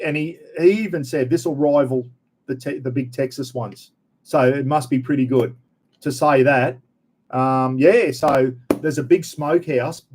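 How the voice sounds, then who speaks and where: A man's voice: medium pitch, a little mellow. A middle-aged Australian man hosting a casual livestream, reading out viewer comments and chatting in a blunt, jokey, rambling way full of slang. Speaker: livestream host.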